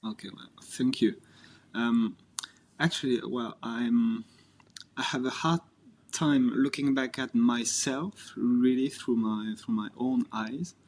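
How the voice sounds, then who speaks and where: A French-accented man from France, whose first language is French, guests on a podcast. He speaks politely and hesitantly, filling pauses with fillers, over a faint background hiss. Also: medium pitch, darkish tone.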